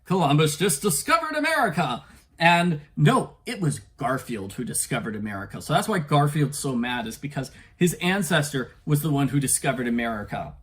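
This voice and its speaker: A man's voice: a little high, expressive, normal speed, a little hiss or hum. A man giving a casual spoken book review. He stammers, repeats words and chuckles between points.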